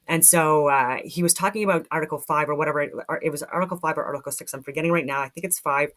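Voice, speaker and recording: A woman's voice: low voice, fast talker. A woman from Canada giving casual spoken commentary, talking animatedly with frequent restarts and free swearing.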